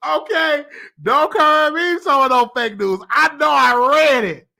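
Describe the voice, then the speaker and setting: A man with a Southern US accent hosts his own commentary show in a loose, playful way. His pitch swings widely and his voice has a bright, forceful edge. He drops laughing asides as he talks. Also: expressive, normal speed, creaky. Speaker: show host. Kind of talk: casual solo commentary.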